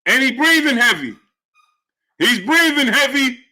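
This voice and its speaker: Male sports streamer, high and lively, bright, incredulous, repeats lines. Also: unhurried. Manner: animated, incredulous, repeats phrases. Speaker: sports channel host. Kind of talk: live-stream commentary reading super chats.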